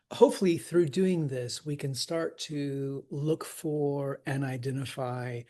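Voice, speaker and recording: A man teaching how to scan verse, relaxed and encouraging as he talks through examples. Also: fairly high pitch.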